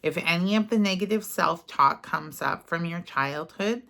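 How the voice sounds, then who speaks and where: With a lowish voice and some vocal fry, a woman guides listeners through an affirmation session, partly reading from a script. Her delivery is gentle and unhurried, and when she goes off-script she talks casually with fillers.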